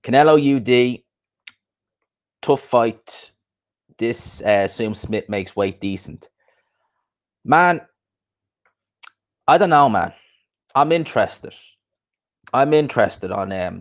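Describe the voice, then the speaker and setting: A young man hosting a casual boxing livestream, chatting loosely and giving repeated shout-outs to viewers. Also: lowish voice. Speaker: boxing podcast host.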